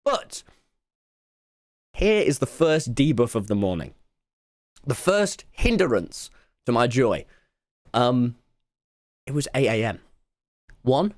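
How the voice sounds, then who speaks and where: A young man, telling a story to his live stream chat in an excitable way, dropping to mumbled asides and rising to loud yelps, and swearing freely. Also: mid-range voice, unhurried, long pauses, no room sound, clean studio sound. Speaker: livestreamer.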